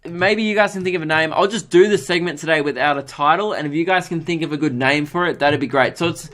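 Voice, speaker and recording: A young man hosting a solo podcast. He tells a story in a casual, self-mocking way, swears freely and jumps up in pitch to mimic the people he quotes. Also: quick pace. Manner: animated, jumps into higher voices to mimic others. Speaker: podcast host.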